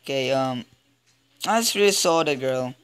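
A let's play gamer giving casual commentary, excitable and often stammering or blurting out sudden exclamations. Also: mid-range voice, normal speed, smooth.

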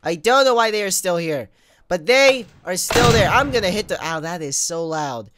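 Talking directly to viewers at a moderate pace, a young gamer with a high-pitched voice narrates his let's play excitedly. He complains at the game and is hit by fits of sneezing and coughing.

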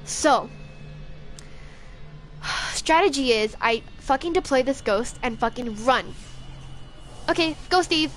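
High-voiced, jittery young woman streamer. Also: a little slow, pauses often, soft background music. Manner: profane, jittery, excitable. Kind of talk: frantic gameplay commentary.

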